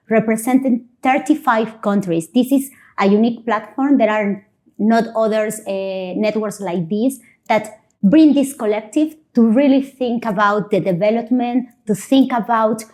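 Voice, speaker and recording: A woman's voice: medium pitch, unhurried, a little mellow. A woman executive director interviewing a guest, speaking earnestly and fluently with occasional fillers. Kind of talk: conversational interview.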